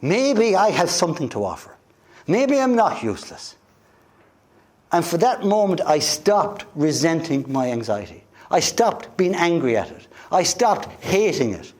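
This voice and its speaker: An Irish man gives a motivational talk, telling his own story with plenty of energy and acting out the voices of the people in it. His voice sits a little high for a man, and it swings widely and expressively up and down as he talks. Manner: animated storyteller who acts out quoted voices. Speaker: guest speaker at a wellness event.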